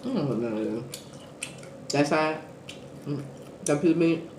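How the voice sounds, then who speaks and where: A woman speaking chats slowly to her viewers while she eats, her pitch swinging up and down. She sounds a bit out of breath. The room echoes, with a faint hiss behind her. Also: animated, a little mellow. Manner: chatty, eating on camera, smacking and sighing. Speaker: eating show host. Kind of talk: casual mukbang chat to viewers.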